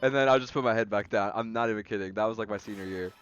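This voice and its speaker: Racing along in a fairly low voice, a young streamer swaps profane, rambling stories during casual gaming chat. The tone is clean but the highs are cut off, with game music playing faintly behind him.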